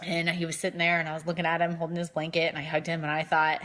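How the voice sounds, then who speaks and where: A woman's voice: deep voice, monotone, racing, few pauses, a bit bright. Chatty earnest young woman vlogger. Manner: chatty, earnest, repeats phrases for emphasis. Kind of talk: casual motivational vlog.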